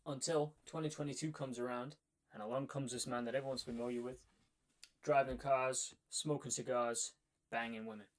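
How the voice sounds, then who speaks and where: Young guy ranting about his past, bit out of breath, loud punchy repeats. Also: mid-range voice, moderate pace. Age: young adult. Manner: energetic and emphatic, repeats phrases for effect. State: slightly out of breath. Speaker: vlogger. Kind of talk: casual storytelling monologue.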